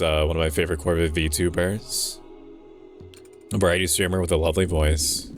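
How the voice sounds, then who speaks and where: A man streaming a game, chatting casually with viewers, swearing and thinking aloud as he plays. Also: sits low. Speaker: VTuber streamer. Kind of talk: casual gameplay commentary.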